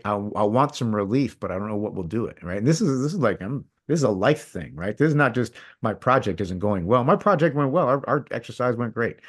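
A middle-aged man telling a personal story as a podcast guest, candid and rambling, his voice dropping to a hush and rising again. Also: fairly low pitch, breathy edge. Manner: candid, rambling, swings between loud and hushed. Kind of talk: casual storytelling.

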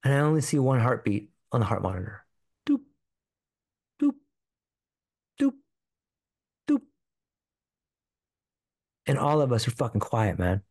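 A man's voice: medium pitch, lively intonation, fast, gravelly, hardly any pauses, a little mellow, husky, no echo. Earnest man telling a personal story. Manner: earnest, profane, repetitive, full of fillers. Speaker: podcast guest.

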